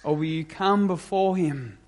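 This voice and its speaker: A pastor delivers a sermon at an unhurried pace in a fairly high voice. He preaches in a measured, emphatic style, pausing deliberately between phrases.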